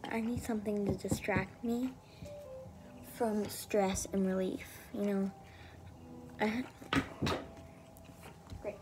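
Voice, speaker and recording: A teenage girl vlogging in a rambling, excitable and anxious way, often dropping to a whisper. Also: mid-range voice. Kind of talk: casual vlog chat.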